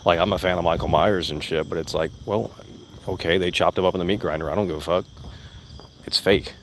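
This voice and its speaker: A man with a deep, low voice rants casually while outdoors, swearing freely and circling back over his points. Faint crickets and insects chirp in the background. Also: fairly even intonation, fairly quick, a little hiss or hum. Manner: profane, blunt, repeats himself. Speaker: vlogger. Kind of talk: casual rambling rant. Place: outdoors among plants.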